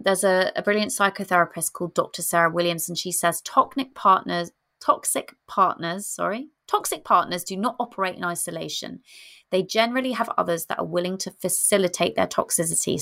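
A woman in her thirties giving frank, casual relationship advice, animated and swearing freely. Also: fairly low pitch, vocal fry.

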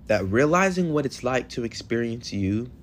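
A man in his twenties hosting a solo podcast in a hotel room, talking in an emotional, affirming way with animated bursts. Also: mid-range voice, normal speed, slight background noise. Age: 20s. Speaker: podcast host.

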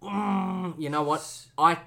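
A podcast co-host chatting casually, giggly and vamping while thinking aloud. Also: medium pitch. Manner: slow, lively, giggly, vamping. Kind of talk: casual chat.

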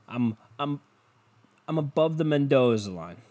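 A young man runs a solo podcast from home using a cheap desk mic and headphones. His mid-range voice carries a warm tone as he rambles crudely, mocks himself and swears heavily.

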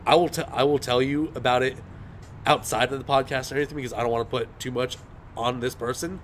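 A young man hosting a podcast and telling a story in loose, rambling chat. His voice sits at an ordinary middle pitch with a faint hiss underneath. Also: fairly even intonation, fast talker. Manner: rambling storyteller, leans on "and everything". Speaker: podcast host. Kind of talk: casual chat.

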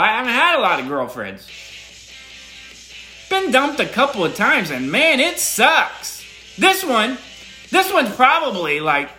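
Animated, bright-voiced man rambling. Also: sits high. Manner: animated and emphatic, with repeated words. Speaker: listener sending a voice message. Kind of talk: casual rambling monologue.

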